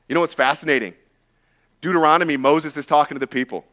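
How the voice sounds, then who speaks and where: A man's voice: fairly high pitch, steady tone, quick pace, fairly bright tone. A man, a pastor, preaching a casual sermon that tells a Bible story informally with frequent "like" and "right?" asides.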